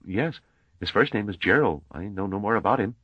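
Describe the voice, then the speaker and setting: An unsure young male mathematician, put on by a man reading a storybook, polite and hesitant, pitched clearly above the reader's own very deep voice. The reading is lively in its ups and downs, slightly husky, and recorded dry and dull. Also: brisk, dry recording. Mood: confused.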